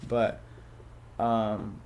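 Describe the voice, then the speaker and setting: A man's voice: lowish voice, completely flat delivery, drawn-out words, muffled recording, slight background noise. A man talking in a casual podcast chat as a stand-up comedian guest, loose and rambling with lots of filler and swearing. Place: podcast studio.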